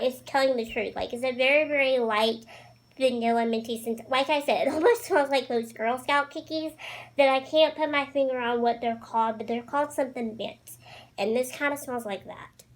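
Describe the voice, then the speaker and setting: A woman's voice: high voice, fairly bright tone. A young woman chatting casually through a makeup tutorial, bubbly and gushing, with lots of fillers. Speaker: beauty vlogger.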